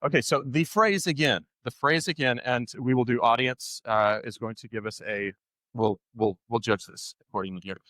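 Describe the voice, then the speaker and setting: A man's voice: mid-range voice, moderate pace, a bit bright, no echo. Playful male host working a crowd. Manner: playful, joking, upbeat. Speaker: podcast host. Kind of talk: emceeing a live audience. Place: conference session room.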